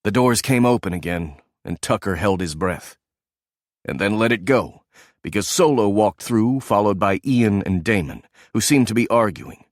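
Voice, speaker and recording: Male audiobook narrator, low voice, dry close read. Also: lively intonation, normal speed, no echo.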